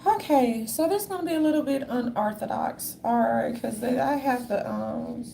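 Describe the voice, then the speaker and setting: A woman in a casual monologue, reading from notes in a sassy manner and calling listeners darlings, with a gravelly voice. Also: sits high, moderate pace, mellow, a little hiss or hum.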